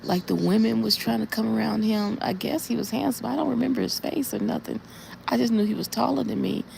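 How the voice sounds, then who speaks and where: A woman's voice: on the high side, gravelly, dark tone, slight background noise. A woman on a casual live stream, earnestly retelling a dream in a repetitive way and speaking straight to her viewers. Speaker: livestreamer.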